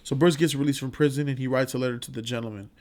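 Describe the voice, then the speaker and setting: A man's voice: medium pitch, steady tone, very fast, darkish tone. A man hosting a casual movie review vlog, rambling, profane and enthusiastic.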